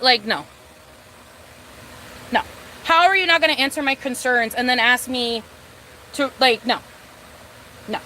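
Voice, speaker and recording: Tarot reader lady on a live stream, high bright voice, swears a lot and says stuff over and over. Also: a little hiss or hum. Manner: blunt, swears a lot, repeats herself when annoyed. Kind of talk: casual live-stream chat.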